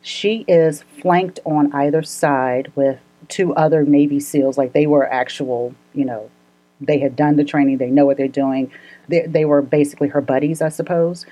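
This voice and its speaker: A woman with a low voice tells a story in casual podcast chat. Her tone is soft and mellow, and she speaks earnestly with frequent laughter. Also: fairly even intonation, normal speed, low-quality recording. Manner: earnest, laughs often, gets emotional.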